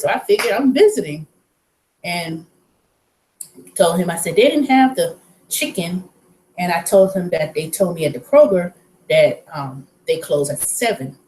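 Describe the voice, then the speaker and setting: Animated woman telling a story. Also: fairly low pitch, low-quality recording. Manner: animated and outspoken, with vivid quoted dialogue. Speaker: vlogger. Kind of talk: casual storytelling.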